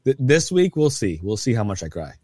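A man's voice: medium pitch, very animated, fairly quick, dark tone, no echo, studio quality. A man on a podcast in casual chat, joking and mock-complaining.

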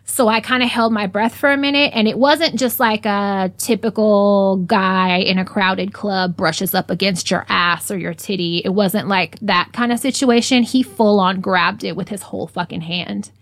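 A woman telling a personal story in casual conversation, blunt and profane, growing animated as she relives it. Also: medium pitch, moderate pace, hardly any pauses, no room sound.

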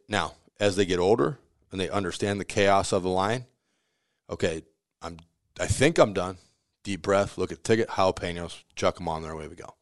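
In a casual storytelling interview, a pizzeria owner with a very low voice shares kitchen stories in an easy, chatty manner. He acts out the voices of people he quotes and laughs often. The sound is close and dry, with no room sound at all.

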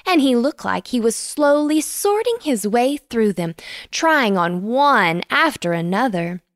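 Woman narrator, bedtime story, slow and gentle pace, close dry mic. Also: medium pitch, dry recording. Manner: animated, expressive storytelling.

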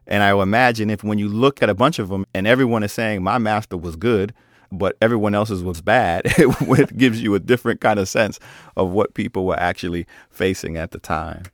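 A man hosting an interview, reflecting thoughtfully in a measured way. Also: fairly low pitch, no room sound, clean studio sound. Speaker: podcast host. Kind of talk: conversational interview.

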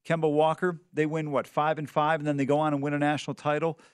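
A man's voice: a little high, level tone, fast talker, clean tone, no echo, studio quality. A man co-hosting a sports betting show, talking in an emphatic, jokey, opinionated way. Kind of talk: casual sports talk.

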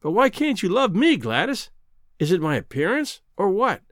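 A man's voice: high-pitched, sing-song, moderate pace, fairly bright tone, no room sound, clean studio sound, pitched above the performer's own voice. A man reading a novel aloud, voicing an earnest, impulsive young man pleading his love.

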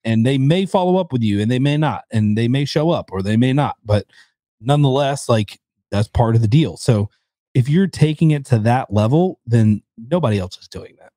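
A man talking casually on a podcast, relaxed and conversational. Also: mid-range voice, moderate pace, no echo, studio quality. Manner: relaxed, conversational, says "like" often.

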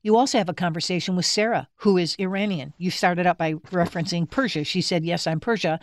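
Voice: medium pitch, fast, no room sound, studio quality. A radio show host asking long, leading questions and praising the guest's work. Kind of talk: interview.

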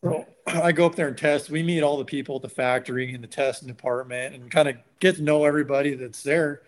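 A man telling a long story in casual conversation, animated and acting out what others said. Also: on the high side, fast. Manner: animated, acts out quotes of others. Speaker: guest.

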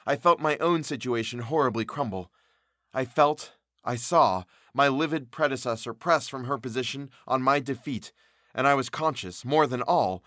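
A man narrating a classic novel in a measured, expressive reading. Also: mid-range voice, no echo, clean studio sound. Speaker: audiobook narrator.

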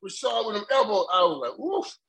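An older man co-hosting a sports talk show, telling excited stories in a rambling way and repeating his words as he goes. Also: fairly high pitch, moderate pace, rough recording. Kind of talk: casual sports chat.

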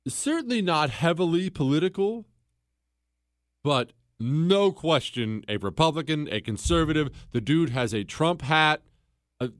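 Male podcast host, slightly higher voice, argumentative monologue with rhetorical questions, dry sound. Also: dry recording. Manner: storytelling with acted quotes, rhetorical questions. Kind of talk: opinionated monologue.

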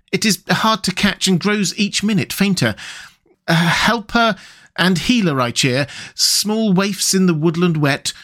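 A man voicing a gentle, dreamy male water rat from a storybook, speaking softly and wistfully. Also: high-pitched, voice pushed up, heavily acted. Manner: soft, wistful, languid.

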